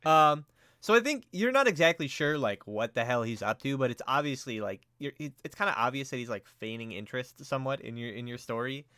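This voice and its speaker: A man running a tabletop game as game master, narrating with many fillers and pauses. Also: mid-range voice, expressive, sharp tone, clear, resonant tone, dry recording, studio quality.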